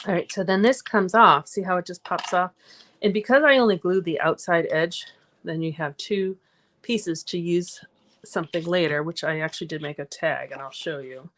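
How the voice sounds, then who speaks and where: A woman's voice: on the low side, background noise. A woman from Massachusetts hosting a card-making livestream, chatting casually as she works and reads out viewer comments. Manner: chatty, talks through her crafting steps and reads out viewer comments. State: out of breath. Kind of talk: casual craft livestream chat.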